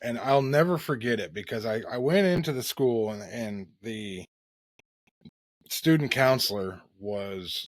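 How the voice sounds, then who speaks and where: A man's voice: fairly low pitch, no room sound. A man from South Texas with a strong country accent, co-hosting a casual chat and laughing often. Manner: laughs often, loose and joking. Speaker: podcast co-host.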